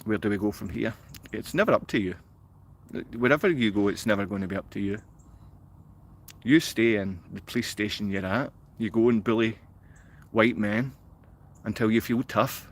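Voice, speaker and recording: A man's voice: lowish voice, fairly bright tone. A man livestreaming, reading comments from his chat aloud and answering them with a confrontational, insulting rant. He sounds downcast.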